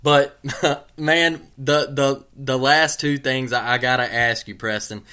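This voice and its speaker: Man, podcast host, bright voice, easygoing drawl, casual sports chat. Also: mid-range voice, fairly even intonation, slow pace, smooth. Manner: laid-back, drawling, says "man" a lot.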